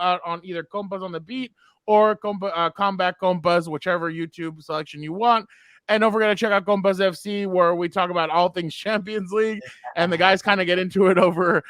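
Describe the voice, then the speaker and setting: A male podcast host closing the episode with casual promotional plugs and frequent filler pauses. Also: sits high, a bit bright, no echo. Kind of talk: casual sports podcast outro.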